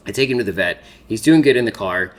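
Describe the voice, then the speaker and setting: Low-voiced man in his thirties, rambling. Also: expressive, fast. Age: 30s. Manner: rambling, filler-heavy storytelling. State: holding back tears. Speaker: makeup vlogger. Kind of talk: casual get-ready-with-me chat.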